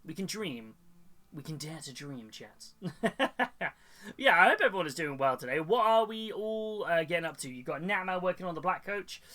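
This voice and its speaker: Man, hobby streamer: bright, slightly high voice, loose rambling chat. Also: lively intonation, fairly quick. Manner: rambling and chatty, with many fillers and restarts. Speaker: hobby streamer and model kit seller. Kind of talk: casual live-stream chat while building models.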